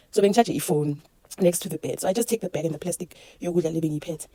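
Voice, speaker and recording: Quick-talking South African woman. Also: on the low side, no room sound. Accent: South African, Zulu-mixed English. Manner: animated, code-switching, laughing through a birth story. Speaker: vlogger. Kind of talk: casual storytime monologue.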